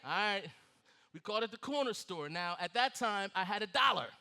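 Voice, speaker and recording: A male pastor preaching a sermon, telling a childhood story with lively, laughing, acted-out delivery. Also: high voice, brisk, creaky, smooth. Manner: animated storytelling, laughing and acting out scenes.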